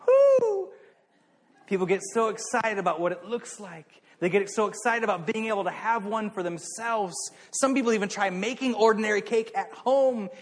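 A man preaching a sermon, telling a story in an animated way that swings between hushed and excited. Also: on the high side, long reverb tail.

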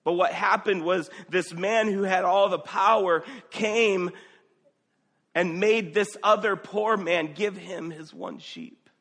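A man's voice: sits high, takes it slowly, fairly bright tone, breathy edge, big-room sound. A male pastor preaching a sermon, telling a story conversationally and reading scripture aloud.

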